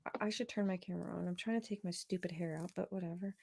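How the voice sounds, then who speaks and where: A woman's voice: on the low side, fast talker, vocal fry. A woman co-hosting a casual podcast, telling a spooky story with lots of laughs and loose swearing. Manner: animated, laughing, swearing freely. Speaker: podcast co-host.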